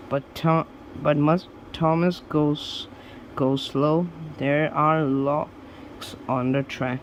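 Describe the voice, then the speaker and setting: A man reading children's storybooks aloud, slowly and deliberately, with small slips and restarts. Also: a little high, steady tone, a little hiss or hum, rough recording. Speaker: storybook reader.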